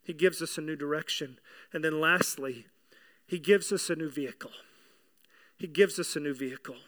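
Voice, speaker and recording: Earnest and conversational, a man delivers a sermon as a pastor, frequently repeating himself and asking the congregation questions. His voice is slightly high and a bit bright, at a moderate pace.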